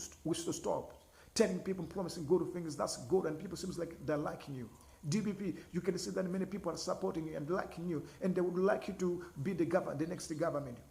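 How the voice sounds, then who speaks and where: A man delivers political commentary in a quick, urgent stream. His voice sits high for a man, and he lectures the parties directly with passion. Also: creaky, darkish tone. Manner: impassioned, addresses parties directly. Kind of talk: political opinion monologue.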